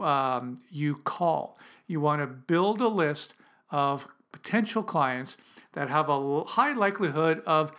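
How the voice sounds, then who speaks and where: A man explains cold calling in a relaxed spoken lesson, talking in a conversational, emphatic way and often starting a phrase over. His voice sits a little high and sounds bright and forceful. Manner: conversational, emphatic, with frequent restarts. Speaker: copywriting instructor. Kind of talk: spoken lesson with role-played calls.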